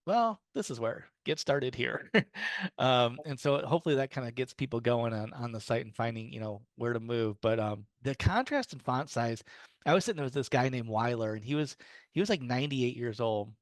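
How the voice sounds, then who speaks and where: Speaking casually to a small group, a man with a mid-range, expressive voice tells friendly stories at a moderate pace, full of fillers and restarts. He's a guest speaker on low-vision resources, and the recording is dry.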